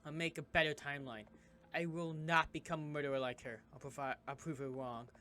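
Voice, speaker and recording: A man's voice: a little high, fairly even intonation, brisk, a little hiss or hum. A man playing a story game, reading its text aloud in an earnest way as he plays. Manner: earnest narration with sudden loud reactions.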